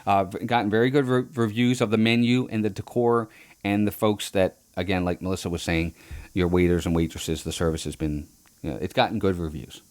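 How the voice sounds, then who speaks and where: A man's voice: sits low, fairly even intonation, brisk, darkish tone. A man co-hosting a theme park podcast in casual chat, rambling and restarting his phrases. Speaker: podcast co-host.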